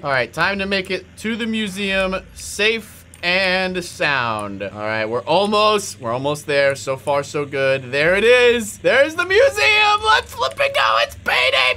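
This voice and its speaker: A man hosting a gaming video, giving playful, excitable commentary as he plays. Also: on the high side, slight background noise. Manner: excitable, exclaims and laughs often.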